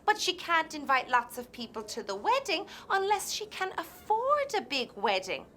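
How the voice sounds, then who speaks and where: An actress playing an anxious, chatty housemaid in a TV sketch, talking in an earnest, confiding way. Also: female voice, high-pitched, very animated, moderate pace, fairly bright tone, a little hiss or hum. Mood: fretful. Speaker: sketch character. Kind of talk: comic TV sketch acting.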